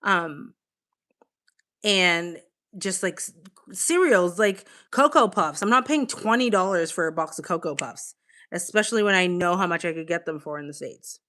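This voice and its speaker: Woman, Boston accent, young adult, live-stream host, casual chat, swears freely, lowish voice. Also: lively intonation, normal speed, fairly bright tone. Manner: chatty, swears freely, reads chat aloud. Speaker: livestream host. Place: home, on a couch with a blanket.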